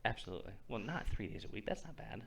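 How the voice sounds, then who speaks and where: A man's voice: lowish voice, fast, gravelly, slight background noise. Young man telling rambling stories. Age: young adult. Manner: rambling storyteller, animated retellings. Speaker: podcast co-host. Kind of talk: casual chat.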